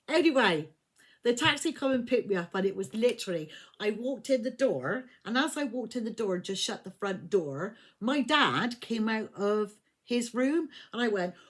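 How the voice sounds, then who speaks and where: A woman's voice: a little high, animated, unhurried. Fifties English woman, tarot reader, rambling anecdote delivery, giggly and frank. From England. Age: 50s. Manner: chatty, laughs often, swears, loses track of dates. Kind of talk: casual storytelling.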